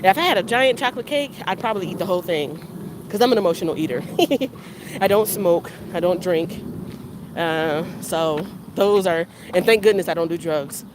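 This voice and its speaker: This woman's low-leaning voice moves at normal speed against background noise as she vlogs on a walk outdoors through her neighborhood. Talking casually to the camera, she rambles, repeats herself, and frankly criticizes herself.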